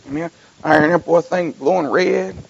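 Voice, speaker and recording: A man preaching a sermon as pastor, telling homespun stories, dropping low and then rising into loud calls to the congregation. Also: normal speed, creaky, muffled recording. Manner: folksy storytelling, swings from low mumbling to loud exhortation; repeats and restarts phrases.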